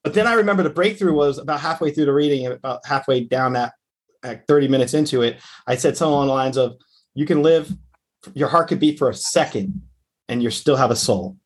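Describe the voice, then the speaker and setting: Husky-voiced man hosting an interview. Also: mid-range voice. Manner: conversational, explaining, quick laughs. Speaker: host and psychic medium. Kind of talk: casual interview chat.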